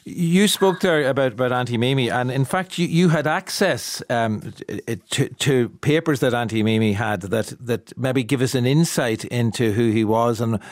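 A man's voice: mid-range voice, normal speed, hardly any pauses, no echo. A man in the host's seat asks long, meandering questions and stumbles over his words, restarting often. His voice sounds dry and close, with little room sound around it. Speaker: radio interviewer host. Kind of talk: interview questions.

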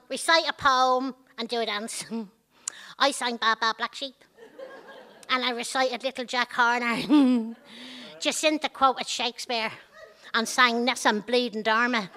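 Irish woman doing a funny rhyming poem, high and sharp, punchy. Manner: lively storytelling, punchy rhymes. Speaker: comedian. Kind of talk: comic rhyming monologue.

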